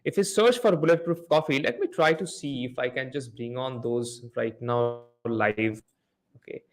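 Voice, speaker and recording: A man's voice: mid-range voice, normal speed. A man hosting a live online Q&A on selling ads, explaining step by step while sharing his screen and asking the audience questions. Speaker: host of a live Amazon PPC Q&A session. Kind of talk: live webinar teaching with screen share.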